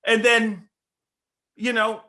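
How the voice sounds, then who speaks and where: A man's voice: sits high, flat delivery, slow pace, pushed and bright. A man from Canada co-hosting a casual podcast, rambling and repeating words as he talks, with frequent laughs. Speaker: podcast co-host.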